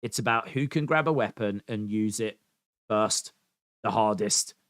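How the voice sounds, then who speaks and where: Chatty podcast host, dry sound. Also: male voice, fairly low pitch, measured pace, fairly bright tone, dry recording. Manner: chatty, rambling, self-deprecating. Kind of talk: casual podcast chat.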